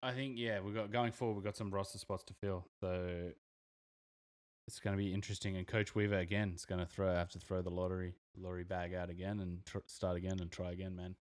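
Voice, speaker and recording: A young Australian man with a very low, deep voice rambles through a casual podcast chat. He leans on fillers and restarts as he thinks aloud. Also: flat delivery, fast talker. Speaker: podcast co-host.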